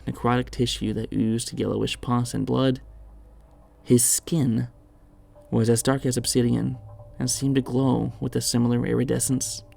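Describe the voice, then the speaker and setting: A man reading a horror story aloud in measured, dramatic scripted narration. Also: medium pitch, vocal fry, darkish tone.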